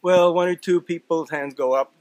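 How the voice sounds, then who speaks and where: High-voiced older man, dry close sound. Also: moderate pace, no echo. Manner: lively, rising into quoted lines. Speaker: amateur comedian. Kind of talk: telling a joke.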